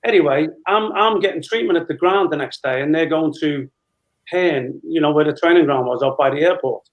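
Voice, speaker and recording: A man's voice: a little high, a little fast, dull audio. A man in his fifties, a guest telling a long casual anecdote and acting out dialogue as he goes. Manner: chatty storyteller, re-enacting dialogue with laughs.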